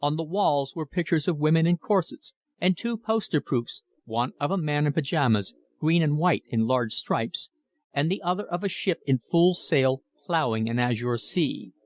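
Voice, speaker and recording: A man narrating an audiobook of a classic novel in a measured, even reading. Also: fairly high pitch, dry recording. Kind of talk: scripted narration.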